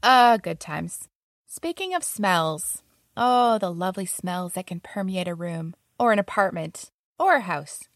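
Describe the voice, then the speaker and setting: A woman's voice: fairly low pitch, animated, measured pace, dry recording, clean studio sound. A young adult woman casually telling stories about her roommates, often laughing as she talks. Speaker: storyteller.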